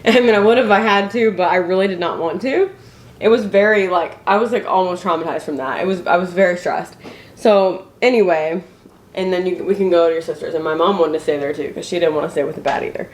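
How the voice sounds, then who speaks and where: A woman's voice: fairly low pitch, brisk. A young woman from Indiana telling a story to the camera at home, chatty, with many fillers and restarts. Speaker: family vlogger. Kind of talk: casual chat to camera. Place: her home, indoors. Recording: echoey room, faint noise.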